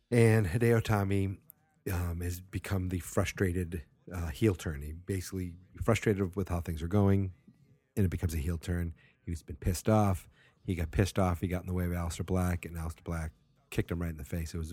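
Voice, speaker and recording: A man with a low, mellow voice talks through a casual podcast, rambling and tired, dropping sarcastic, self-mocking asides. The sound is close and dry, with no room around it. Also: slightly rough, no echo. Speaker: podcast host.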